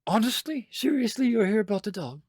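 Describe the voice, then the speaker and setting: A man voicing a brisk, bossy mother who talks down to her husband. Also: fairly high pitch, big pitch swings, a little mellow, dry recording, clean studio sound, pitched above the performer's own voice. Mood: exasperated. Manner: bossy, exasperated.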